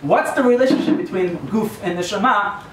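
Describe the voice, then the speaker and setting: Rabbi guy giving a rambling jokey talk, voice kinda high, echoey hall far from the mic. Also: brisk, fairly bright tone, a little hiss or hum. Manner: digressive, joking storyteller. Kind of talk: sermon. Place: yeshiva lecture hall.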